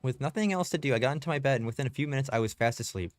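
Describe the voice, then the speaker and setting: A man's voice: medium pitch, racing, no echo, faint music behind. A man streaming a game, chatting in a laid-back, slangy way as he plays. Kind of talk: casual gameplay commentary.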